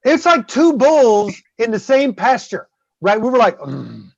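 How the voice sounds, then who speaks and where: A man's voice: very high-pitched, a little slow, vocal fry, breathy edge, no room sound. A middle-aged man telling a rowdy story on a podcast, cursing freely and acting out quotes and crash sounds. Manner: animated and profane, acts out quotes and sound effects. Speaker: guest host. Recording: dull, dry, lo-fi sound.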